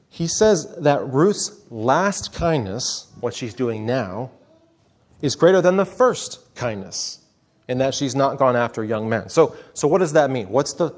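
A man's voice: medium pitch, a little mellow. Guy giving a sermon, talks like a chat, keeps asking the room questions. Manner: conversational, asks the congregation questions, repeats words. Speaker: pastor.

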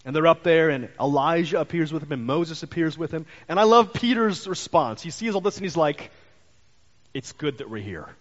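Pastor guy preaching, animated storyteller, slightly high voice, big echoey church, kinda muffled sound. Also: fairly quick, few pauses. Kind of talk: sermon. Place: church sanctuary. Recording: muffled church hall reverb.

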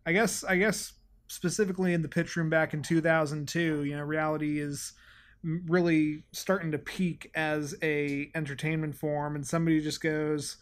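A man's voice: on the high side, flat delivery, moderate pace. Man, podcast co-host, sarcastic, stammering repeats, casual chat.

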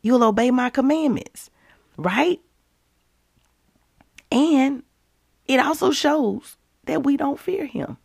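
A woman's voice: high-pitched, lively intonation, slow pace, gravelly, pauses often, darkish tone, no room sound, studio quality. A woman with speech, a mother, teaching a casual devotional and talking straight to her listeners with emphatic, conversational energy. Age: adult with children. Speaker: Christian devotional host.

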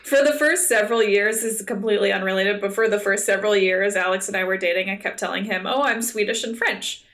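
A woman's voice: medium pitch, fairly even intonation, quick pace, few pauses, fairly bright tone. A woman co-hosting a podcast, chatting casually with plenty of laughs and jokes. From Canada. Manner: giggly, jokey, acts out quoted voices. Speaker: podcast co-host. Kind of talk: casual chat.

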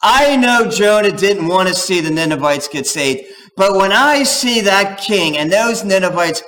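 A man preaching a sermon as pastor, talking in an animated, digressive way and acting out quoted voices. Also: high-pitched, a little slow, slight background noise, low-quality recording. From United States.

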